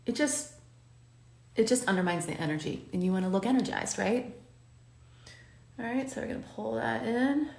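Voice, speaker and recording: A woman's voice: a little high, animated, normal speed, creaky, pauses often. Chatty woman, makeup tutorial, roomy echo. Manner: chatty and encouraging, coaching the viewer. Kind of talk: talking while doing her makeup on camera.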